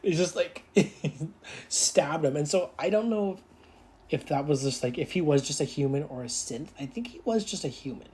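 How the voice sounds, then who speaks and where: A casual reviewer at a mid-range pitch talks through a TV episode in a loose, rambling way. The speech is full of fillers and quick laughs, with snatches of characters' lines acted out. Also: expressive, darkish tone. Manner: rambling, filler-heavy, laughing while recapping; acts out characters' lines in quick put-on voices.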